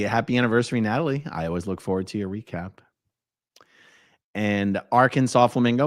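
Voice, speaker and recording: Low-pitched man hosting a livestream, relaxed comment reader, dry close mic. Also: brisk, long pauses, dry recording. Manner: relaxed, reads comments aloud with small asides. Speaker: livestream host. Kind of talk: casual livestream chat, reading out chat messages.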